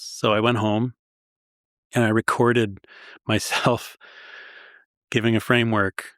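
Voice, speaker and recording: A man from Long Island with a somewhat low voice, telling stories as a guest historian. He is enthusiastic and pokes fun at himself. The recording is dry and close to the mic. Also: flat delivery, a little slow, long pauses, a bit bright, dry recording. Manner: self-deprecating, enthusiastic storyteller. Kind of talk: conversational storytelling.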